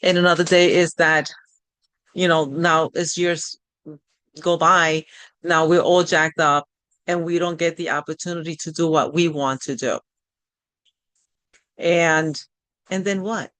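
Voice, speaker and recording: A woman's voice: sits low, fairly even intonation, measured pace, pauses often, a bit bright, no echo. Encouraging middle-aged woman coach. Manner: conversational and encouraging, with frequent restarts. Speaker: transition coach hosting a live session. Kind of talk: live online workshop talk.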